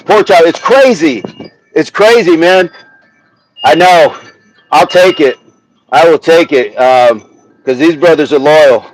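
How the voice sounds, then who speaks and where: A man hosting a casual livestream outdoors, chatting with his viewers, reading their comments aloud and slowly sounding out words. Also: mid-range voice, poor audio. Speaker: livestream host. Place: outdoors, windy, a tree behind him.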